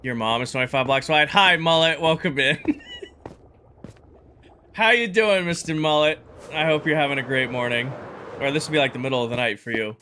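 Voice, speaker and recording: A man's voice: on the high side, moderate pace, long pauses, bright, forceful tone, a little hiss or hum. A man streaming a game live, chatting casually, thinking aloud as he sorts items and greeting viewers in chat.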